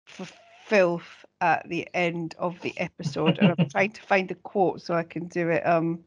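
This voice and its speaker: A woman's voice: lowish voice, moderate pace. A woman co-hosting a podcast, chatting casually and animatedly quoting lines. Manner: animated, quotes lines with relish. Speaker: podcast co-host. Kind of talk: casual chat.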